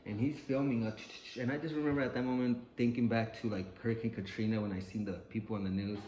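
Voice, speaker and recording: A man's voice: mid-range voice, fairly even intonation, quick pace, a little mellow, roomy sound, slight background noise, low-quality recording. A man telling a personal story in a loose, profane way, full of "like" and acted-out quotes.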